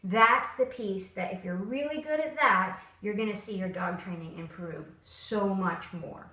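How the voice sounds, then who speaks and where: Expressive woman dog trainer, roomy distant sound. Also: medium pitch, unhurried. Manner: expressive, acts out upbeat and flat tones as examples. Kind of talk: casual instructional talk.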